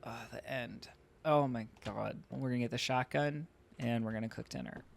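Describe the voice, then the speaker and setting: A man's voice: mid-range voice, steady tone, normal speed, gravelly. A man commenting casually on a game as he plays, emotional and chatty, talking to himself. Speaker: gaming YouTuber. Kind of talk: let's play commentary.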